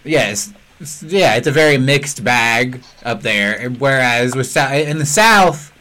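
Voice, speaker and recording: Young man, podcast host, bright sharp tone, chatty, jumps in quick. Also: mid-range voice, expressive. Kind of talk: casual podcast chat.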